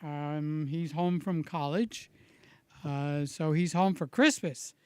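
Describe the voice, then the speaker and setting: Slow, rambling man, slightly hoarse. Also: on the high side, no echo. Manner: slow, rambling and friendly, greets viewers by name. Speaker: vlogger chatting with live viewers. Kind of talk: casual live-stream chat.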